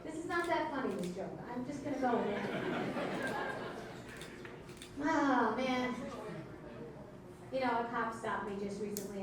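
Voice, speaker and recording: A woman's voice: a little high, measured pace, long pauses, background noise. A woman, emceeing stand-up comedy in a club with wry, teasing crowd work. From Brooklyn, New York. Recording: echoey club audio from far off.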